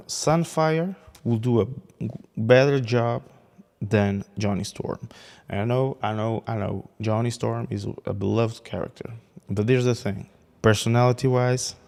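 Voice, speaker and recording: A man's voice: mid-range voice, a little mellow. A man in a casual game commentary, rambling with many restarts and laughing at his own jokes. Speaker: gaming video creator.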